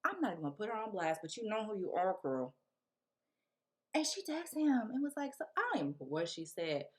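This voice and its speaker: Animated young woman telling stories. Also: medium pitch, a little fast. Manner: animated, slangy, acts out quotes. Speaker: vlogger. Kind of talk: casual storytelling.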